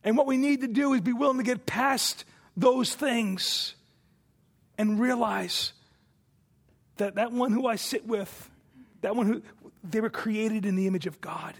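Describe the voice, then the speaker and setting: Male pastor, high gravelly voice, emphatic sermon delivery with big swings in loudness. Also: unhurried, pauses often. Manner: emphatic preaching, rising and falling in volume.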